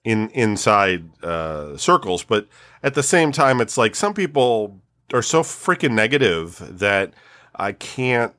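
A man in his forties in casual conversation, rambling and frank, swearing freely and filling pauses with "um" and "like". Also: fairly low pitch, very animated, pushed and bright. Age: 40s. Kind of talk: casual chat.

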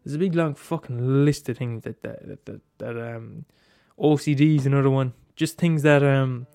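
A man's voice: mid-range voice, normal speed, creaky, darkish tone, no echo, clean studio sound. A man in a rambling casual monologue, swearing often and restarting his sentences.

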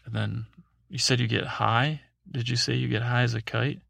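A man's voice: medium pitch, steady tone, normal speed, vocal fry, fairly bright tone, no echo. A man voicing a curious male alien who asks probing questions, in a sleepy bedtime story.

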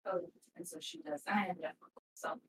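A woman chatting casually, trailing off softly and speaking hesitantly. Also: fairly low pitch, quick pace, echoey room. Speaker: cast member chatting before stream. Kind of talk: casual chat. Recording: distant mic with noticeable background noise.

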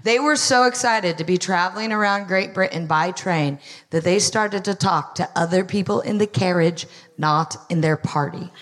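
With a fairly low voice at a normal speed, this comedian and co-host from the United States, a woman in her thirties, performs wry stand-up before a live crowd. She spins a story and acts out the quotes within it.

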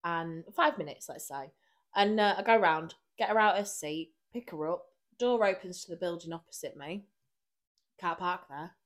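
A woman, co-hosting a podcast and telling a lively anecdote in casual chat. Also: lowish voice, moderate pace. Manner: animated anecdote-telling with frequent laughter and acted quotes. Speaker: podcast co-host.

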